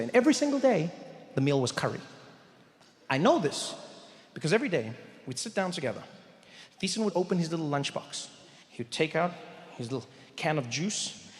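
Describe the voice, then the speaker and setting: A man doing stand-up, telling a story in an animated way and breaking into loud, high shouted character voices, on a stage mic in a large hall. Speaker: stand-up comedian. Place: large theater stage with audience.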